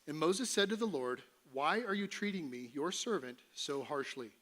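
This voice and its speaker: A man's voice: on the high side, animated, normal speed, a bit bright. A middle-aged man, a pastor, preaching a casual, conversational sermon in a church sanctuary, joking and acting out voices of the figures he talks about. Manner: conversational, playful, acts out voices of Moses and God.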